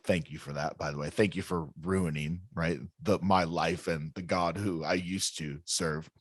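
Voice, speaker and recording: A man's voice: deep voice, fairly even intonation, normal speed, no room sound, clean studio sound. A man co-hosting a podcast in casual, laid-back chat, saying dude and laughing. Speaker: podcast co-host.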